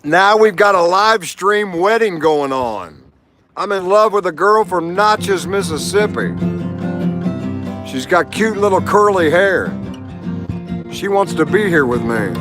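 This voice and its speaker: A boisterous, joking middle-aged man talks on a live stream in a high, unhurried voice. Guitar music plays clearly behind him as he rambles and laughs between bits of song. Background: guitar playing.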